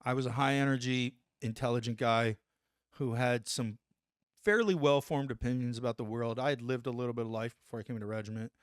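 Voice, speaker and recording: A man in his forties, an army veteran guest on a podcast, telling an animated story and tagging lines with "right?". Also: medium pitch, a little fast, clean tone, no room sound, studio quality. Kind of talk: casual storytelling anecdote.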